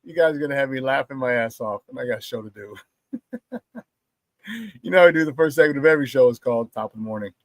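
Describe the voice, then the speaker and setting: A man's voice: medium pitch, quick pace, pauses often, dry recording. A man hosting a casual sports talk show, brash and profane, trash-talking rivals and laughing often between remarks.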